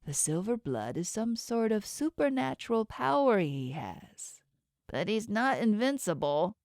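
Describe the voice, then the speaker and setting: Pitched above her own voice, a woman gives a medium, sing-song, a little slow, a little mellow read as a shark-toothed, inhuman male boss in an audiobook. He talks down coldly, with threat and condescension, in studio-quality audio free of room sound.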